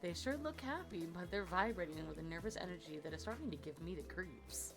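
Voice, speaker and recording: A woman putting on a sly, low-voiced resort narrator. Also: expressive, a little fast, music in the background. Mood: dry. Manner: smooth, quiet and evasive, with dry asides. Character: smooth, sly male island resort narrator. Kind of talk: reading game narration aloud.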